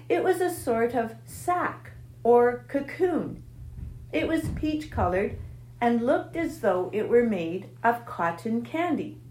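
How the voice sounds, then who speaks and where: Slow, expressive woman reading a storybook. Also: fairly high pitch. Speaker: narrator. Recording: echoey room.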